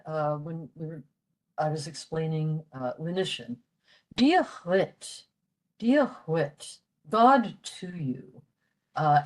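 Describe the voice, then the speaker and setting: A woman's voice: deep voice, a little mellow. An older woman from western Pennsylvania giving a library talk on the Irish language, repeating phrases with frequent hesitant fillers.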